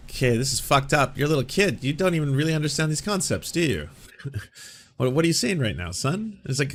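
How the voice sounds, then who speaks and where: A man's voice: a little high, sing-song, brisk. A man hosting a casual reaction commentary, ranting in a profane, rambling way with frequent restarts. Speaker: YouTube commentary host.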